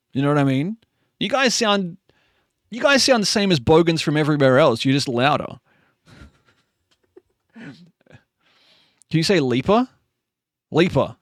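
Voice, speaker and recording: Lively Queensland-accented man chatting on stream. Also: a little high, moderate pace, long pauses, no room sound, clean studio sound. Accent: Australian, Queensland. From Queensland, Australia. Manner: chatty, laughing, swearing, sleepy. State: sleepy. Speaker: livestream host. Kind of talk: casual chat reading viewer messages.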